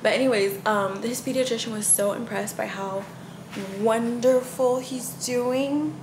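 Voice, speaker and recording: A woman's voice: a little high, unhurried, roomy sound, background noise. A young woman chatting casually in a home vlog, gushing and full of "like.". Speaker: vlogger.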